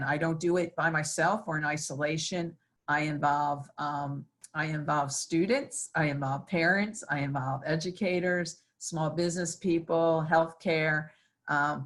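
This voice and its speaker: A woman's voice: low-pitched, steady tone, moderate pace. A middle-aged woman, a state senator, answering student interview questions earnestly with frequent fillers.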